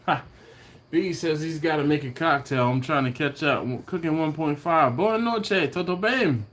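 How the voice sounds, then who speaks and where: Speaking at a normal speed in a fairly high, fairly bright voice, a man runs a casual barbecue live stream from his home. He chuckles through viewers' comments and greets them by name.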